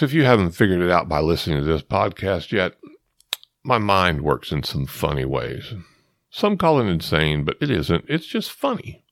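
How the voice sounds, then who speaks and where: A man's voice: deep voice, gravelly, dry recording, clean studio sound. A middle-aged man hosting a storytelling podcast, rambling through digressions and addressing listeners as folks. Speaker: podcast host.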